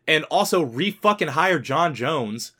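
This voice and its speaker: Male podcast co-host, bright and forceful tone, heated and profane. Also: a little high, lively intonation, measured pace. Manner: heated, swearing rants. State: sick. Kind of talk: casual podcast chat.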